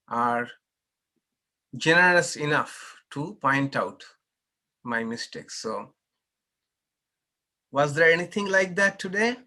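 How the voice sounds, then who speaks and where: Slow, bright-voiced monk teaching. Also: male voice, a little high. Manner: patient, explanatory, invites corrections. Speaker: monk teaching a scripture class. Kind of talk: unhurried scripture class talk with Q&A.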